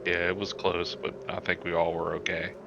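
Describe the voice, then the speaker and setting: Laid-back deep-voiced man chiming in. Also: completely flat delivery, moderate pace, vocal fry, highs cut off, noisy background. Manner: laid-back, short replies, laughs often. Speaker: co-commentator and fellow driver. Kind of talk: casual chat.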